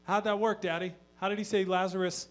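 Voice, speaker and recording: A man voicing his small daughter, pitching up into an earnest, sing-song plea. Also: little pitch movement, a little fast, natural voice. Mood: hopeful. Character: little girl, earnest and hopeful.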